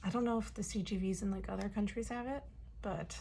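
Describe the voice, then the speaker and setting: A woman chatting casually as a fan vlogger, hoarse and losing her voice, with lots of fillers and soft laughs. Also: mid-range voice, fairly even intonation, fast talker, slight background noise. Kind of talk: casual chat.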